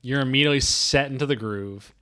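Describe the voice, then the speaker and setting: An enthusiastic man hosts a relaxed movie podcast. His voice sits in a middle pitch range, and he slips into quick character voices now and then. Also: clear, resonant tone. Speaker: podcast host. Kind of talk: casual film podcast chat.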